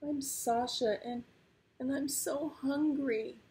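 A woman's voice: mid-range voice, expressive, slow, mellow, slightly rough, pitched above the performer's own voice, full character voice. A woman voicing a frightened, lost little male tiger cub in a storybook, whimpery and anxious.

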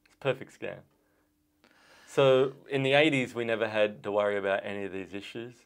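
Male podcast host, lowish voice, rambling, conversational. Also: fairly even intonation, clear, resonant tone. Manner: rambling, halting restarts, laughs easily. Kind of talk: casual conversational chat.

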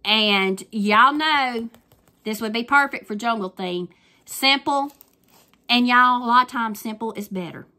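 A grandmother with a Southern US accent, chatting warmly and effusively to her viewers about crafts in a casual vlog. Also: a little high, unhurried. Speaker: crafting vlogger.

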